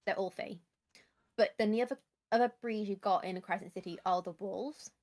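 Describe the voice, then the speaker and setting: A woman's voice: medium pitch, brisk, a little mellow. A young woman streamer chatting casually about books, rambling and explaining at length.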